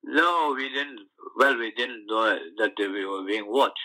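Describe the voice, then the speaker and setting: Older man with a bright, forceful voice. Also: medium pitch, rough recording. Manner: storytelling, animated recollections with halting restarts. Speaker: interviewee. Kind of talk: oral history interview.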